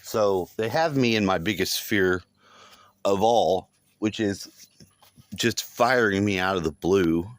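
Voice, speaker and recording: A man's voice: on the low side, slow pace, no echo. A man telling a long dream in a rambling, casual monologue, swearing often and repeating himself. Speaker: vlogger recounting a dream.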